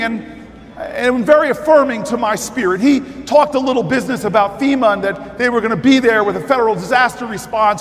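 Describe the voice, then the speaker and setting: Impassioned high-voiced man in echoing hall. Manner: impassioned storyteller, building to shouted calls to action. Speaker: political speaker at a party convention. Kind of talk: rousing political speech. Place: large convention hall with live audience. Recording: reverberant hall with crowd noise.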